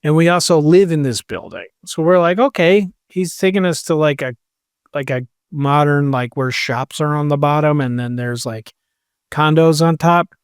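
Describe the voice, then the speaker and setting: A man's voice: on the high side, normal speed, clean tone, dry recording, clean studio sound. A man co-hosting a podcast, telling a long rambling story and quoting people as he goes. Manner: rambling, quotes people with "he's like". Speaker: podcast co-host. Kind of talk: casual storytelling chat.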